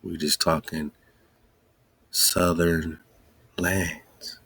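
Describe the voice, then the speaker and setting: A man hosting a podcast in a casual monologue, musing excitedly and firing off rhetorical questions. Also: deep voice, very slow, vocal fry, breathy edge. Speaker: podcast host.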